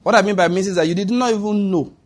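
A man's voice: high-pitched, very fast, a crowd in the background, noisy background. A man preaching a sermon in emphatic, repeated declarations to a congregation. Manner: emphatic, repetitive declarations with bursts of laughter. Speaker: pastor. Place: church with a congregation answering.

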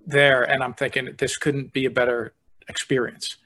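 Deputy fire chief guy, easygoing, earnest storytelling, regular pitch. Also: little pitch movement, normal speed, sharp tone. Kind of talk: casual podcast conversation.

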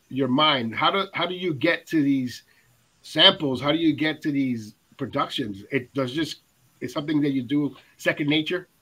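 An enthusiastic man hosting a music countdown chat. His voice sits a little high and sounds bright and forceful, with plenty of fillers. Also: slightly rough, rough recording. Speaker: radio countdown host. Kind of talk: casual panel chat.

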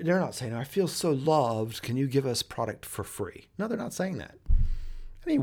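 A middle-aged man with a fairly low voice speaks in a loose, conversational monologue about his business. He tells stories the way people do in everyday talk, backing up and restarting his sentences as he goes. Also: gravelly, a little mellow. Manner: conversational, storytelling, frequent restarts. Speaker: business podcast host. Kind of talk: casual monologue.

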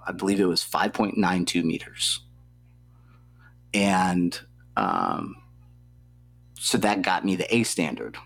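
Youngish guy w a lowish voice, swears a lot, rambling story full of likes and you knows. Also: vocal fry. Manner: profane, loose, heavy on filler words. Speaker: athlete guest. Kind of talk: casual storytelling interview.

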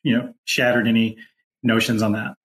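A man co-hosting a casual podcast chat, talking in a relaxed way with plenty of fillers and restarts. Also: on the low side, moderate pace. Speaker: podcast co-host.

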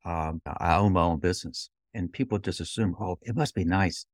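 Man, very deep voice, dry close mic, thoughtful interviewer. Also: dry recording. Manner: measured, reflective questioning. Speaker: podcast host. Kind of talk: interview hosting.

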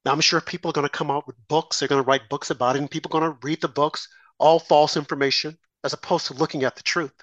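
A man with a fairly high voice gives an impassioned political commentary monologue as a talk show host. He fires off rhetorical questions and mocks the other side in quick asides. The sound is dry and close, with almost no room. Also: steady tone, fairly bright tone, dry recording, lo-fi sound.

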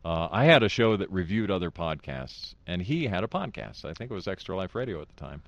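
A man's voice: low voice, a little fast, no echo, muffled recording. A man, a podcaster and voice performer, chatting as an interview guest and slipping into funny voices. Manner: animated, slips into funny voices. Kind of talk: casual interview chat.

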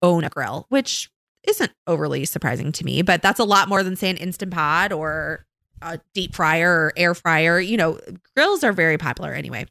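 A woman in her thirties co-hosting a podcast, chatting casually and telling animated stories about her kids. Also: moderate pace, creaky, no echo. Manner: animated storytelling, imitates her kids in high voices. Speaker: podcast co-host. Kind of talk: casual chat.

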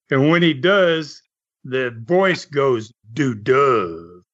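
Older Southern man with a drawl, slightly high voice, a chuckling, chatty storyteller, dull lo-fi audio. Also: drawn-out words, fairly bright tone. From American South. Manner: chatty, chuckling, many "uh" fillers. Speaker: former wrestler telling stories. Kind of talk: casual storytelling.

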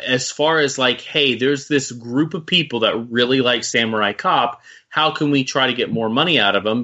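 Animated rambling man, bright tone. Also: medium pitch, highs cut off. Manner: animated, rambling, swears casually. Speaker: podcast co-host. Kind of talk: casual film podcast chat.

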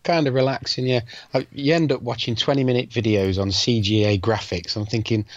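A man co-hosting a podcast with dry, teasing quips, at a middle pitch. The recording is dead and dry, with a dull, muffled tone. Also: fairly even intonation, a little fast, no echo. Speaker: podcast co-host. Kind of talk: casual chat, reading out event news.

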